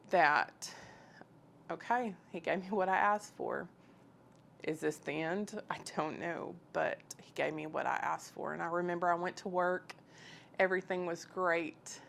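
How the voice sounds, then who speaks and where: A woman's voice: on the low side, gravelly, a bit bright, a little hiss or hum. A woman telling her personal faith story in an earnest, emotional, conversational way. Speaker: guest sharing her testimony.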